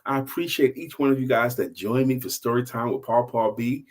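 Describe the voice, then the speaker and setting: An older man hosting a storytelling show, telling a story in a relaxed, conversational, repetitive way. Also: medium pitch, brisk. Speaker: storyteller host. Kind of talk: casual spoken storytelling.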